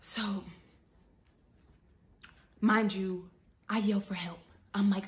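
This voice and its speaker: A young woman telling a story to her viewers, talking to them casually and dramatically, and often dropping to a hushed whisper. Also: mid-range voice, little pitch movement, slow, pauses often. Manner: chatty, addresses viewers as y'all.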